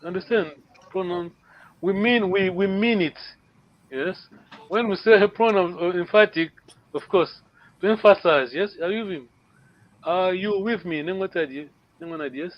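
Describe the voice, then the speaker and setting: A man teaching a language class online, patient, often checking understanding with a quick question. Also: high-pitched, muffled recording.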